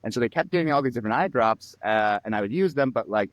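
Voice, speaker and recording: A man telling personal stories as a podcast guest, animated and acting out quotes. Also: medium pitch, fast, no room sound, dull audio. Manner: animated storyteller, acts out quotes and sound effects. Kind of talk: storytelling in a podcast interview.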